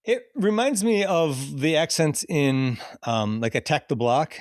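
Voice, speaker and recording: A man's voice: on the high side, animated, a little slow, no room sound, studio quality. A man hosting a casual podcast, chatting loosely and laughing often as he runs through a cast list. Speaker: podcast host. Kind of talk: casual chat.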